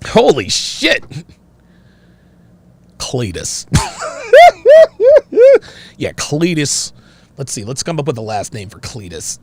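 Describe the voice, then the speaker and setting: A man hosting a casual livestream, reading out viewer donations in a profane, excitable way and laughing often. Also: high-pitched, slow, gravelly, pauses often. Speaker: host.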